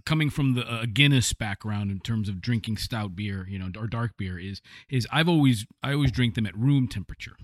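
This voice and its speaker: A man's voice: on the low side, a little fast, hardly any pauses, dry recording. A man co-hosting a tasting show, talking casually and with playful enthusiasm. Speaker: co-host tasting beer and cigars. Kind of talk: casual chat.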